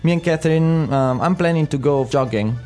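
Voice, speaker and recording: A man's voice: fairly high pitch, brisk, darkish tone, faint music behind. Man explaining grammar. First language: Italian. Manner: explanatory, friendly back-and-forth. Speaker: co-host, Italian teacher. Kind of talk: language lesson podcast chat.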